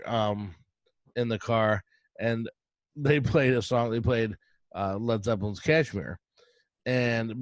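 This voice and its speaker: A man's voice: mid-range voice, dry recording. Middle-aged male podcast host, casual rambling storyteller, dry close sound. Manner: rambling storyteller, quick bursts, laughs often. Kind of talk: casual chat.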